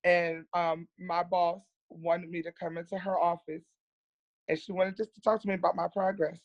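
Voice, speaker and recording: A woman's voice: on the low side, level tone, normal speed, no room sound, highs cut off. An earnest woman speaks as a guest on a podcast. She tells her story candidly and plainly. She often repeats words to stress them.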